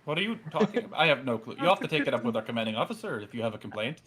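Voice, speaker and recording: A man's voice: medium pitch, big pitch swings, racing, fairly bright tone, breathy edge. A man voicing a male ship guard who answers stiffly and dismissively. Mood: defensive.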